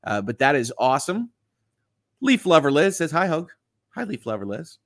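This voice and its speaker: Speaking at a moderate pace in a slightly high, very animated voice, this Southeast Michigan lawyer chats through viewer comments on his relaxed live stream. Fillers pepper his reading, and the studio sound is clean with no echo.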